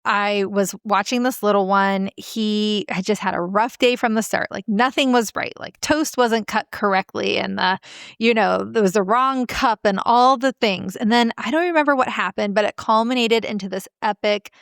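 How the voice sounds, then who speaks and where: A woman parenting coach speaks with a smooth, clear voice in a dry, close recording. Her talk is earnest and animated, full of stories and casual filler words. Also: medium pitch, moderate pace, no echo. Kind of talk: podcast interview storytelling.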